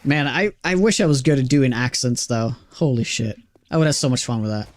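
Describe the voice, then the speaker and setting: A man live-streaming a video game, chatting casually with viewers, greeting and thanking them between quick reactions to the game. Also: mid-range voice. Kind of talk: casual live-stream chat while gaming.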